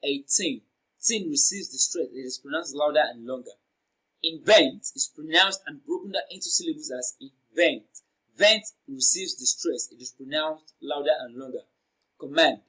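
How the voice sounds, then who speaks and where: A man teaching as an exam prep tutor, speaking slowly and deliberately, repeating words and stretching the stressed syllables. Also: a little high, bright, forceful tone, low-quality recording.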